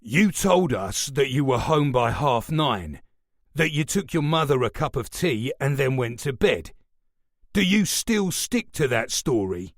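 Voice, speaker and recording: A man voicing a stern, menacing police superintendent who talks in a measured, remorseless way. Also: medium pitch, sing-song, dry recording, studio quality. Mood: cold.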